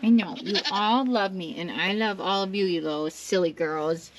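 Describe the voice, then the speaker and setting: A woman with a medium-pitched voice at moderate pace vlogs casually from her farm, outdoors and in a barn with goats. She coos and baby-talks to them as she walks, and the noisy barnyard recording includes goat bleats.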